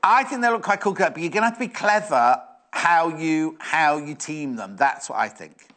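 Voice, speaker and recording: A man with a high-ish, sharp-toned voice and lively intonation speaks at normal speed while selling fabrics on a live shopping channel. He keeps up a chatty stream of thoughts and reads viewers' messages aloud.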